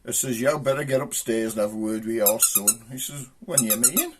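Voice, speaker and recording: A man with a Black Country accent telling jokes, doing his characters' voices with shouts and raised pitch. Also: sing-song, a little fast, noisy background. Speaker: joke teller.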